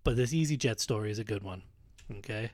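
A man's voice: fairly low pitch, quick pace, a little mellow, no echo, studio quality. A man co-hosting a crude comedy podcast, teasing his partner and cursing freely. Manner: profane, teasing, mock-slogan delivery. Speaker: podcast co-host.

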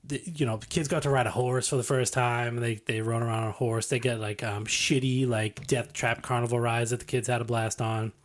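A man's voice: mid-range voice, fairly even intonation, fairly quick, hardly any pauses. A man telling a rambling story in a casual chat, swearing and laughing as he goes.

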